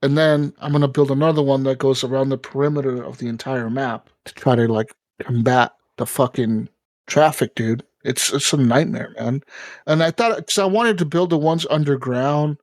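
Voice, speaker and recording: A man's voice: mid-range voice, normal speed, no room sound. A man co-hosting a gaming podcast, swearing freely and telling stories with lots of energy. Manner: profane, animated storytelling. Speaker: podcast co-host. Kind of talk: casual gaming podcast chat.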